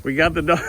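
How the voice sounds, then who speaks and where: A man from Louisiana filming a casual vlog outdoors in the snow on a handheld phone, excited and laughing often. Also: mid-range voice, slight background noise, poor audio. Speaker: vlogger. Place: outdoors in a snowy yard. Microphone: handheld phone camera.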